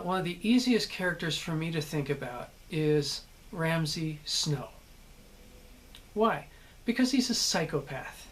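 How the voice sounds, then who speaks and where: A man's voice: on the high side, slight background noise. American man giving a casual acting lesson. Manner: conversational, explanatory, checks in with "okay?". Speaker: actor teaching character work.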